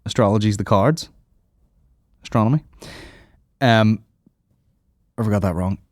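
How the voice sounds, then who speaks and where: A man's voice: fairly low pitch, measured pace, darkish tone, dry recording, studio quality. Sweary rambling podcast host, man. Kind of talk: casual comedy banter.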